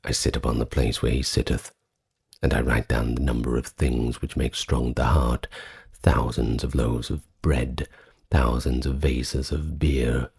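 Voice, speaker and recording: Deep gravelly man, slow ASMR reading. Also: darkish tone. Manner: solemn, measured recitation of archaic scripture. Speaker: ASMR narrator reading ancient texts.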